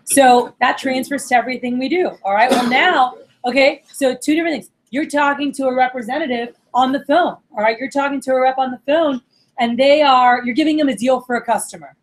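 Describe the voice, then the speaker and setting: A woman's voice: high voice, a little fast, low-quality recording. A woman coaching a group on sales calls, casual and slangy, acting out examples with lots of energy. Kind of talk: coaching talk to a group of managers.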